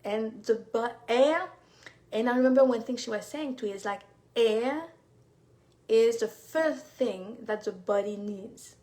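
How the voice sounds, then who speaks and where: A woman's voice: on the high side, measured pace. Woman coaching viewers live. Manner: warm encouraging, speaks to viewers directly, many fillers. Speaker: fertility coach. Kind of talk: live-stream teaching.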